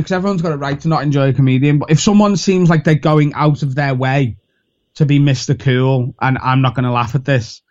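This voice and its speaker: A man's voice: on the high side, darkish tone, lo-fi sound. A young man with a Liverpool accent, a comedian chatting candidly as a podcast guest, rambling and self-deprecating. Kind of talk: casual podcast chat.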